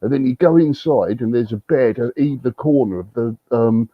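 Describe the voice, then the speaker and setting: A man spins a rambling, animated anecdote on a livestream, cursing freely and tripping over his own restarts. The audio is dry with no room sound, and a little dull and lo-fi. His voice sits at an ordinary middle pitch. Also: moderate pace, dry recording. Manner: animated, swearing, frequent restarts. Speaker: livestream host. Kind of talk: casual storytelling chat. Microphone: livestream setup.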